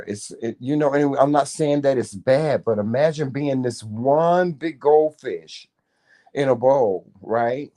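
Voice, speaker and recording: A man's voice: medium pitch, mellow. A man co-hosting a casual morning chat vlog, talking freely and calling listeners "child" and "y'all". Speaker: vlog co-host.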